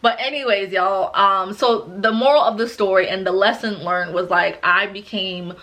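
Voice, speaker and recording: A woman in her twenties telling a story to her viewers in a casual, dramatic, animated way. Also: mid-range voice, normal speed, noisy background. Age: 20s. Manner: dramatic, animated, acts out quotes. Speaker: vlogger.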